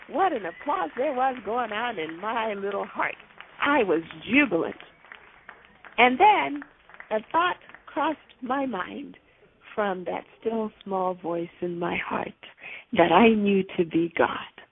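A woman's voice: medium pitch, slow pace, narrow, tinny audio, a little hiss or hum. A woman hosting a spiritual podcast, retelling a personal story dramatically and acting out the voices. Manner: animated, dramatic retelling with acted quotes. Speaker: podcast host.

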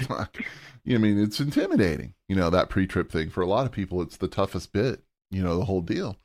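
Middle-aged guy hosting, lowish voice, laughs a lot and acts out quotes while telling stories. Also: fast, vocal fry, no echo. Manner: animated storyteller, laughs often, acts out quotes. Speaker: podcast host. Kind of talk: casual interview storytelling.

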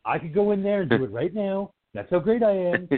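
A man's voice: high voice, lively intonation, a little fast, voice pushed up. A man doing an impression of a boastful older politician who complains about others' work. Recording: dry phone-like line.

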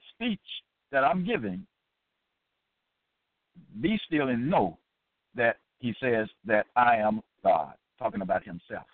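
A man's voice: medium pitch, no echo. Man preaching over a tinny line. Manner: emphatic and deliberate, repeating points. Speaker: Bible teacher hosting an episode. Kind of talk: preaching Bible study. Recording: tinny phone-like, dry sound.

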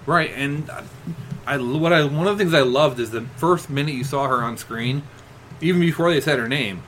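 A man's voice: a little high, fairly bright tone, slight background noise, rough recording. A man co-hosting a casual movie podcast, enthusiastic and joking. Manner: enthusiastic, joking, quick to laugh. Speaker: podcast co-host. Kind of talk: casual banter about movies.

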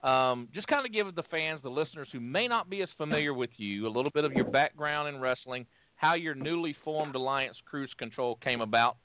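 A man's voice: a little high, a little fast, hardly any pauses, a little hiss or hum. Man hosting over a thin phone line. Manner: friendly, hesitant with fillers. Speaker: podcast host and announcer. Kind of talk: casual interview hosting. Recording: phone-like, dry sound.

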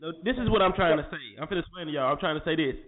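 A man's voice: on the high side, animated, very fast. A man co-hosting a morning talk show, joking playfully with friends in casual banter. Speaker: radio show co-host. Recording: tinny phone line with faint noise.

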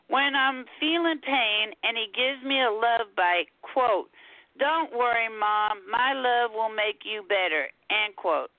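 Slow-reading woman caller over a phone. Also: fairly high pitch, no room sound. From Texas. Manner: slow, deliberate reading, says quote and end quote. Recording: tinny phone line.

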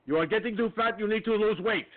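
A man's voice: high-pitched, fast talker, pitched above the performer's own voice, close to an everyday voice. A man voicing a pushy woman doctor who gives blunt, clipped orders. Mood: insistent. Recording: phone-like line with faint noise.

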